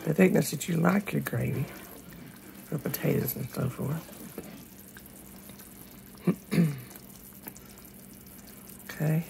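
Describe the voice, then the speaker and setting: A hoarse woman, chatting to viewers while she cooks in her home kitchen, filmed on a handheld phone. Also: low voice, slow pace, pauses often, warm tone, slight background noise, low-quality recording. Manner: chatty, talks straight to viewers. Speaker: home cooking channel host. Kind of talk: casual cooking demonstration. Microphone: phone held in one hand.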